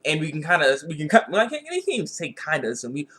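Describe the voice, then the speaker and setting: Rambling, higher-voiced male reviewer. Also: wildly swooping pitch, quick pace, pushed and bright. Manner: rambling, repetitive, frequent restarts. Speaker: video reviewer. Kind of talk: casual spoken review.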